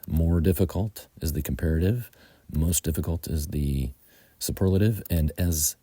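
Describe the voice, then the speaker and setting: A man with an American accent teaching English grammar, explaining slowly and methodically with frequent ums. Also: rumbling low, dark tone, breathy edge, no room sound.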